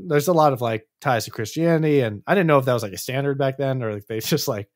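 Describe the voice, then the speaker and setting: A man with a mid-pitched voice co-hosts a relaxed movie discussion. He talks in easy slang. He often slips into the characters' voices to act out their lines. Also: quick pace, few pauses. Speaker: podcast co-host. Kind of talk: casual chat.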